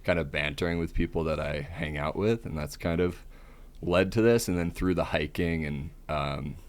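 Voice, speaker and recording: A young man, a podcast guest and comedian, talking casually in a deep, monotone voice, relaxed and self-deprecating with hesitant fillers. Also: normal speed. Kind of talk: casual interview chat.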